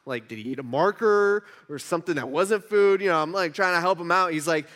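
High-pitched animated preacher man. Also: fast talker. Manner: animated storyteller, swings from hushed asides to emphatic outbursts. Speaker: pastor. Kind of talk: sermon with personal story.

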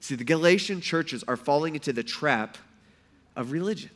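A man preaching a sermon in a casual, animated way, acting out quotes loudly before a congregation. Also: on the high side, moderate pace. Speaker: pastor. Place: church hall before a congregation.

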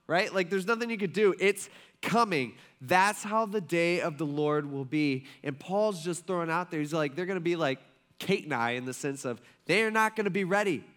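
This thirty-something pastor's voice sits high and a bit bright, animated but moving at a normal speed. His sermon is an easygoing chat packed with folksy anecdotes, asides, and plenty of filler words.

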